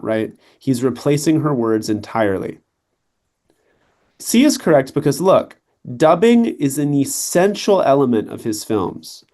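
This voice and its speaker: A man's voice: mid-range voice, a little mellow. A young adult man tutoring, explaining reading test answers in a conversational way and checking in with the listener as he goes. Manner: conversational, checks in with "right?" and "okay".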